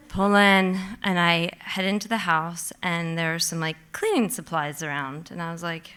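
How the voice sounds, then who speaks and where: Bright-voiced woman telling a lively story. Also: on the low side, moderate pace, clean tone. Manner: animated, vivid, heavy use of "like"; acts out her own past panic in quotes. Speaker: storyteller on stage. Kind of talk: live personal storytelling. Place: stage at a live storytelling event.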